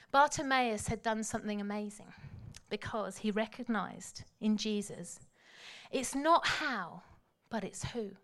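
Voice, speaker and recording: A woman preaching a sermon, telling the story dramatically and swinging from hushed tones to loud calls. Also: on the high side.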